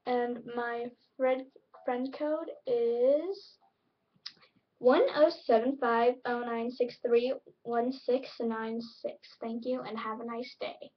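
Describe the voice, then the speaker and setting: A woman's voice: fairly high pitch, steady tone, takes it slowly, recorded from a distance, muffled recording. A woman hosting a casual home vlog, chatty and rambling. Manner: rambling, chatty, filler-heavy. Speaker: vlog host.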